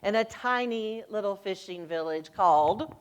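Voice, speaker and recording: Woman, minister, sermon, animated storytelling, middle-aged. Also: mid-range voice, moderate pace, clean tone. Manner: lively storytelling, voice rising and falling, acts out quoted lines. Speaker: senior minister.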